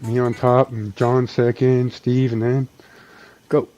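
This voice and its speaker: A man's voice: mid-range voice, level tone, takes it slowly, highs cut off, background noise. A man chatting and joking during a live guitar jam session. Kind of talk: casual chat.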